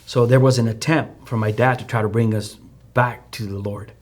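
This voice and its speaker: A man's voice: medium pitch, steady tone, normal speed. A man with a Chicano English accent, a guest telling a personal testimony in a loose, storytelling way, with many fillers and restarts. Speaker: podcast guest.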